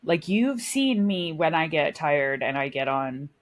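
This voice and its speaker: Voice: medium pitch, animated, unhurried. A podcast co-host in casual chat, rambling and self-mocking, laughing often.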